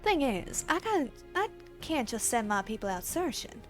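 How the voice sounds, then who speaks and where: A woman's voice: on the high side, very animated, normal speed, soft background music. A woman putting on a drawling Southern belle. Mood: folksy. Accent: American Southern, put on. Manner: drawling, folksy, reads game lines aloud. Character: drawling Southern-accented woman bandit broker.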